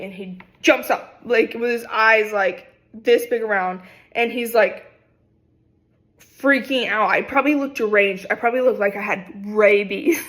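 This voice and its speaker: A young woman in her twenties, a vlogger, telling a personal story in a casual, animated, dramatic way. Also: fairly high pitch. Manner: animated, dramatic retelling with acted quotes.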